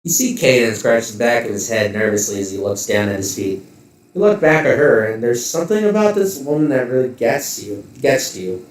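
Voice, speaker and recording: A man's voice: medium pitch, distant mic. Man narrating a game in a roomy room. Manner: descriptive, with joking asides. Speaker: game master.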